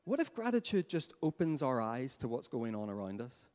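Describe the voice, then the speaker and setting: Animated male pastor preaching in a hall. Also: mid-range voice, normal speed. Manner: animated, asks the congregation questions. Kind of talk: sermon. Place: church hall. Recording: long hall reverb.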